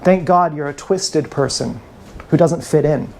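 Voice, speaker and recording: A man's voice: a little high, unhurried, a little mellow, slight background noise. Bitter ranting man on a livestream. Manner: ranting, bitter and contemptuous, repeating himself. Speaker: vlogger. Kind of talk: live-streamed rant. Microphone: action camera.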